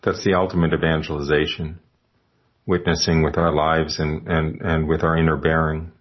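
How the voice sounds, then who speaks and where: A man hosting a religious call-in show, talking in a measured, teaching tone. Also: extremely low pitch, little pitch movement, muffled recording. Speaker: radio host.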